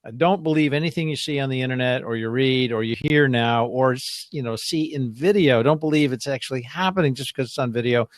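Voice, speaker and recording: A man's voice: mid-range voice, fairly quick, hardly any pauses, dry recording. A man hosting a live-streamed show, chatting casually in a rambling, joking way. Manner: rambling, jokey, trails off and restarts. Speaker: show host.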